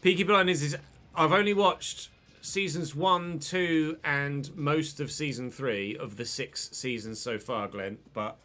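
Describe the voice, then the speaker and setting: Excitable man with a bright voice. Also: a little high, measured pace, few pauses. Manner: excitable, swears freely, talks to chat. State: unwell, coughing. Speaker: game streamer. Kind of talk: live gameplay commentary and casual chat.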